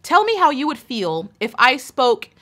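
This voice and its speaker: A woman's voice: high voice, very animated, normal speed, fairly bright tone. An American woman talking straight to her channel's viewers in an emphatic, indignant opinion vlog, hammering her points home with repetition. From United States. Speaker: YouTuber.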